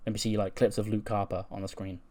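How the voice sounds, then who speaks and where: Man doing a brooding male cult leader, slow, solemn, low voice. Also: level tone, darkish tone, lightly acted.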